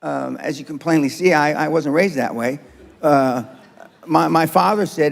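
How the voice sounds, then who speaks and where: A septuagenarian motivational speaker addresses a live seminar crowd with a blunt, swear-filled pep talk. His gravelly voice is fairly high and moves at a moderate pace, and a long hall reverb trails his words.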